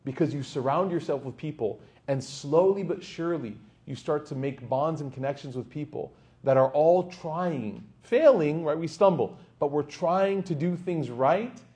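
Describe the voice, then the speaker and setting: A man giving a sermon to a live audience in a lecture hall, in an animated storytelling manner, acting out the quoted voices. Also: fairly high pitch, moderate pace, hardly any pauses. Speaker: Islamic lecturer.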